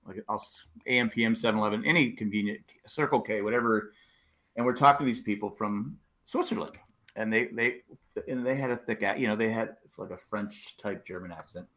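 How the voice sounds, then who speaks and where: A man's voice: lowish voice, brisk, fairly bright tone. A man from California telling rambling anecdotes with many restarts in a casual chat.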